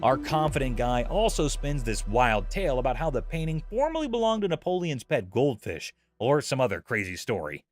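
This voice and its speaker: A man's voice: medium pitch, very animated, brisk, hardly any pauses, faint music behind. A man narrating a show recap in a scripted, playful, jokey storytelling manner.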